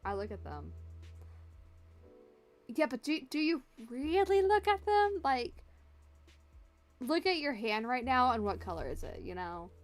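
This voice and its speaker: A woman's voice: high voice, big pitch swings, a little slow, long pauses. A woman art streamer chatting casually and jokingly with her viewers as she draws, rambling and answering the chat. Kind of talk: casual livestream chat while drawing. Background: faint background music.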